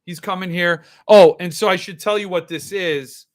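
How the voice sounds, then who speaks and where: Male podcast host, slightly high voice, loose jokey rambling over a glass of wine. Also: fairly even intonation, moderate pace. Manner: loose, joking, talks to himself while opening wine. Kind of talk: casual rambling chat.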